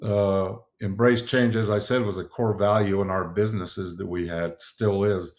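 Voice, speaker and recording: A man's voice: on the low side, fairly even intonation, normal speed. A middle-aged man hosting a podcast, giving an earnest motivational solo talk with frequent fillers and restarts. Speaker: podcast host.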